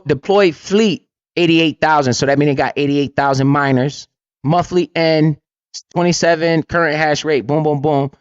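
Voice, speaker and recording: Blunt, profane man with a higher voice. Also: no echo, dull audio. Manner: profane, blunt, keeps asking "right?". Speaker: livestream host and crypto investor. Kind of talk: casual livestream commentary.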